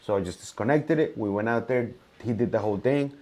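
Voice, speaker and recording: A man's voice: on the low side, fast, dark tone. Casual male host telling a story. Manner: loose, rambling anecdote. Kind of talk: casual conversation.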